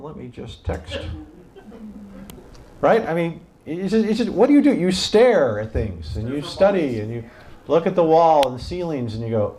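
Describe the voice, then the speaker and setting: A man leading a Bible study as its pastor, in a casual, joking teaching style, quizzing the group and acting out bits of the story. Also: a little high. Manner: animated, jokey, asks the group questions and acts out voices.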